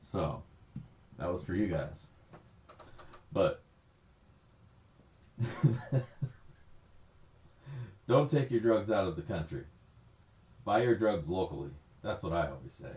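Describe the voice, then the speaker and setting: A livestream host chats casually, rambling, laughing often and swearing freely. His voice is low with a darkish tone, and the stream audio sounds echoey and slightly dull.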